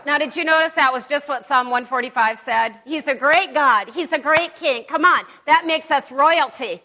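Woman preacher, high bright voice, folksy and emphatic, church sermon. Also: unhurried. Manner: emphatic, folksy, chatty asides. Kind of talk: conversational sermon. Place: church service.

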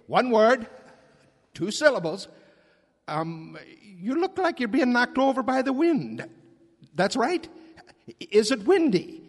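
A bumbling, good-natured police chief in a radio play, with a very high voice that drawls along slowly. His folksy, animated guessing echoes through a reverberant stage hall. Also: heavily acted. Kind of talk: live radio play acting.

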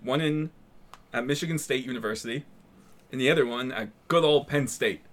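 A man co-hosting a casual horror movie podcast, relaxed and recounting facts he looked up, with frequent fillers. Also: mid-range voice, brisk. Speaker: podcast co-host presenting research. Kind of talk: casual chat.

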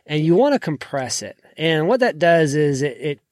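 With big pitch swings and a darkish tone, though not a deep voice, this podcast host talks at normal speed through a casual screen-share tutorial on his recording apps, letting his sentences trail off. He uses a desk microphone, and the sound is clean studio audio with no echo.

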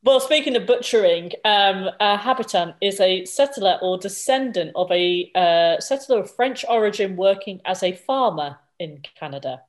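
A woman's voice: mid-range voice, animated, moderate pace, few pauses. Chatty woman co-hosting a podcast. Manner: chatty, explains with long lists. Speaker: podcast co-host. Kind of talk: casual podcast chat.

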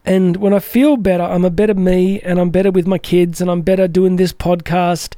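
A man's voice: high-pitched, little pitch movement, brisk, dark tone, no echo, clean studio sound. A man hosting a motivational podcast, talking energetically and chattily and acting out the voices he quotes. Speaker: podcast host.

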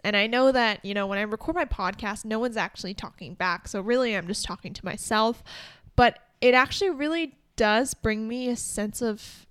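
Young woman hosting a solo podcast, loose and rambly, a little high-pitched, dry close recording. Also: clear, resonant tone, dry recording. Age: early 20s. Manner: rambling, restarts mid-sentence. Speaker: podcast host. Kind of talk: casual solo podcast talk.

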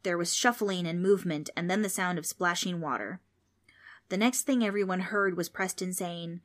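A woman narrating a children's storybook in an expressive, playful way. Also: on the low side, moderate pace.

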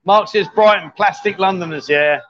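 A man's voice: high voice, normal speed, a bit bright. A man hosting a casual livestream from a bar, teasing his guests with jokey banter. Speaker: livestream host. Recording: dull lo-fi livestream audio.

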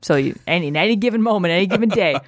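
A woman's voice: on the low side, expressive, very fast, no echo, clean studio sound. A woman from Canada chatting enthusiastically in casual conversation, with frequent restarts. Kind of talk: casual chat.

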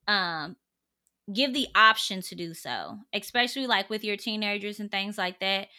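A young pregnant woman speaks in a bright, forward voice at an ordinary middle pitch. She offers parenting advice in a casual, conversational monologue. Her delivery is earnest and direct. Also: animated, unhurried.

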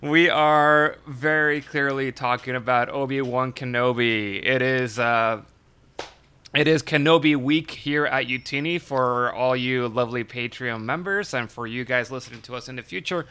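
A man's voice: medium pitch, moderate pace, sharp tone, clean tone. A man co-hosting a podcast in casual chat, rambling and laughing often. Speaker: podcast co-host.

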